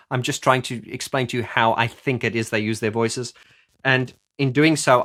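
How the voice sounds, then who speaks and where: A man's voice: mid-range voice, fairly bright tone. A middle-aged man explaining singing technique as a vocal coach in a chatty video, often stumbling over restarts.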